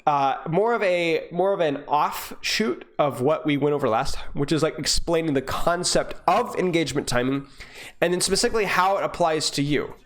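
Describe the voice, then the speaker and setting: A man's voice: a little high, moderate pace, fairly bright tone. A young man coaching live on stream, reviewing gameplay in a casual, joking way and answering his viewers. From United States.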